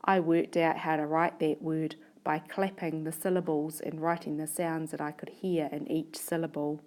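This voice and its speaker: A woman teaching a spelling lesson, slowly stretching words into syllables and sounding out each letter. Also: deep voice, flat delivery, a little mellow. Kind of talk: slow, deliberate classroom spelling lesson.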